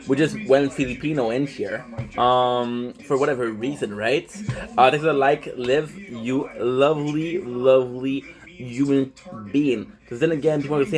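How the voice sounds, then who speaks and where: A man's voice: medium pitch, fairly even intonation, normal speed, soft background music, low-quality recording. A man chatting casually on a phone live stream, rambling loosely, swearing freely and greeting viewers by name.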